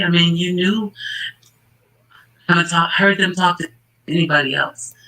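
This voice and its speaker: Speaking straight to the people involved, this channel host gets worked up and emphatic as he talks through a true-crime case casually. His high voice is bright and forceful, with fairly even intonation and a slightly slow pace. The recording quality is low.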